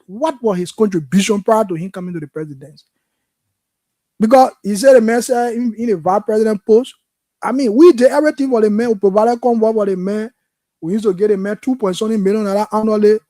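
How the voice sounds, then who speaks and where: Liberian male talk host, heated political commentary, high voice, dry sound. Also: mellow, no room sound. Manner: impassioned, frustrated. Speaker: radio call-in host.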